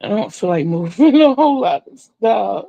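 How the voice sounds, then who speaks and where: A woman's voice: medium pitch, animated, moderate pace, gravelly, dark tone, highs cut off. An older woman chatting casually on a live stream as she crochets, rambling and repeating herself.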